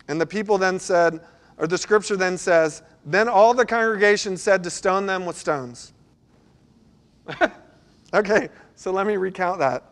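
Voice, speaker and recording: A middle-aged man, a pastor, preaching a sermon and telling stories, sometimes breaking into loud bursts. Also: sits high, unhurried, long pauses. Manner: storytelling, animated with sudden loud bursts.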